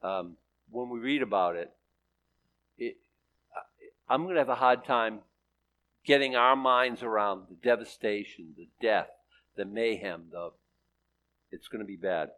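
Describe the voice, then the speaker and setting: A man's voice: fairly low pitch, unhurried, long pauses, fairly bright tone. A man preaching a sermon in a conversational, sarcastic style, mixing scripture reading with jokes. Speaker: pastor.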